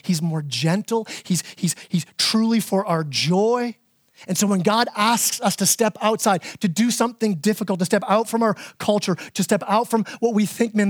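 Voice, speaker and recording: A middle-aged man preaching a sermon as pastor, animated, often repeating words as he builds a point. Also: no echo, clean studio sound. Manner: animated, repeats words, acts out his kids in a high voice.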